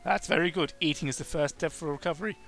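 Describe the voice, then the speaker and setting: Man reading as a gentle caretaker in a fan rpg, courteous, formal, high bright voice. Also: fast talker, soft background music. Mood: welcoming. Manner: courteous, formal, warmly reassuring. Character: kindly adult male caretaker, gentle and welcoming. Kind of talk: reading game dialogue aloud.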